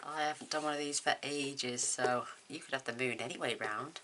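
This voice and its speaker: A woman hosting a card-making tutorial at home, chatting casually and thinking aloud as she works, with quick laughs. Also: extremely low pitch, fairly even intonation, heavy background noise. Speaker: craft tutorial host. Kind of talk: casual demonstration chat.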